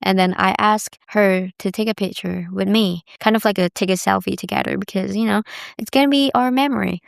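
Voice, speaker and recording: With a medium pitch, a slightly fast pace, and vocal fry, a Balinese vlogger in her 20s chats her way through casual storytelling, full of "like." The sound is clean and studio-grade, with no room sound.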